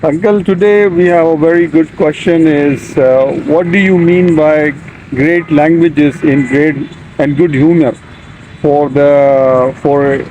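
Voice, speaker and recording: Host, male, mellow tone, halting delivery. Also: on the high side, steady tone, a little hiss or hum, rough recording. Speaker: show host. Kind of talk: casual show intro.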